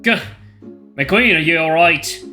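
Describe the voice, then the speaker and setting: A man's voice: a little high, animated, measured pace, faint music behind, pitched above the performer's own voice, full character voice. Man doing a blustering lion guard with a put-on accent. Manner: loud, bumbling, old-fashioned speech. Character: blustering loyal male lion royal guard, uncle.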